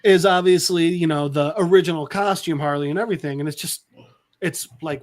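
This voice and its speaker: High-voiced man recapping casually. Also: a little fast. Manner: rambling, with lots of fillers and acted-out quotes. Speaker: podcast host.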